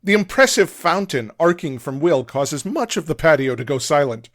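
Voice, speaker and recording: A man reading his own novel aloud as a podcast guest, with steady, measured narration. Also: fairly high pitch, no echo, clean studio sound. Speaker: author and guest.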